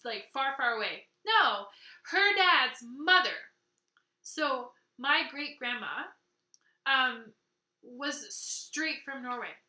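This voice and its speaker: A woman from Canada hosting a knitting video podcast, chatting excitedly to camera and gushing over gifts she received. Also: high-pitched, roomy sound. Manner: excitable, gushing, laughs often. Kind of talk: casual chat to camera.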